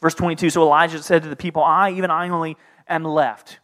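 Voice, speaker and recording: A male pastor in his thirties delivering a sermon with humor and energy. His voice sits slightly high, and he slips into playful voices to act out scenes. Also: quick pace. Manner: animated, acts out characters in playful voices.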